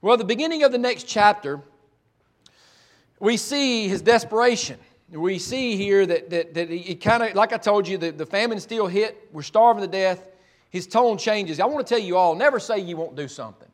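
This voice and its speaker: A man's voice: high-pitched, expressive, normal speed. A man preaching a sermon, retelling scripture in a folksy, conversational way with frequent restarts.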